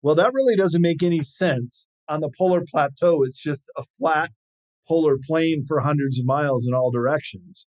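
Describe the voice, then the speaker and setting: An explorer and author tells stories as an interview guest, animatedly acting out the voices of the people he quotes. His voice is a little high at a normal speed, and the recording is rough.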